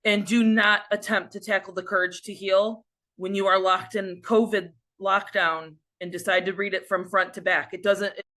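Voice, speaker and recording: A woman's voice: medium pitch, little pitch movement, normal speed, bright, forceful tone. A woman speaking as a survivor advocate in a frank, reassuring, conversational way. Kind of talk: casual talk.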